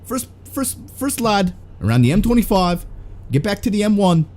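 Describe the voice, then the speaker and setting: A man's voice: high-pitched, very animated, moderate pace, darkish tone, voice pushed up. A man voicing a brash British street-racing bloke in a put-on British accent, rowdy and jokey. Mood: cheeky boasting.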